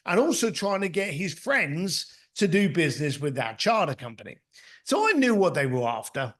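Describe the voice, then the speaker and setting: A middle-aged man on a podcast tells blunt, down-to-earth anecdotes and acts out the other people in them. His voice sits high for a man. It swoops up and down with lively expression. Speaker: podcast guest, author and mentor. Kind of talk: conversational storytelling.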